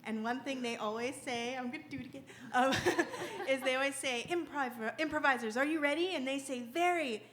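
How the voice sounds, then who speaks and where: A woman's voice: high voice, a little fast, hardly any pauses, fairly bright tone, a little hiss or hum. A woman singer-songwriter introducing her song from the stage in an earnest, chatty way. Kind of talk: stage banter before a song. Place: live concert venue, on stage.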